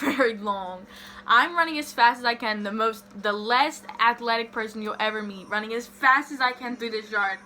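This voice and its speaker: A young woman vlogger telling a story in a casual, animated way, swearing freely and saying "like" a lot. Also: a little high, a little hiss or hum.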